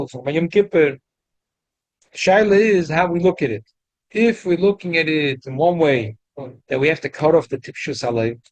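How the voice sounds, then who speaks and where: A man teaching a weekly Torah class, mixing casual English explanation with rapid readings of Hebrew text. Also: fairly high pitch, dry recording, rough recording.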